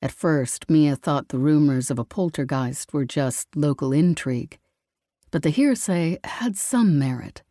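Woman narrator, scripted storytelling, low voice, mellow tone. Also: no echo, studio quality. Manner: slow, even storytelling. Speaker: audiobook narrator.

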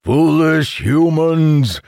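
Guy doing a big gloating monster, slow booming taunts, pitched up a bit. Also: lively intonation, vocal fry, darkish tone, dry recording, clean studio sound, exaggerated voice. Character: huge mocking male monster.

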